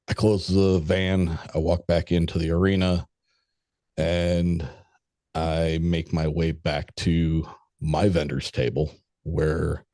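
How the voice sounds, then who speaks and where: Deep-voiced man telling a story, candid and profane. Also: a little mellow, dry recording, studio quality. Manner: candid, swears freely, quotes people in conversation. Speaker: podcast guest. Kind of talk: casual spoken storytelling.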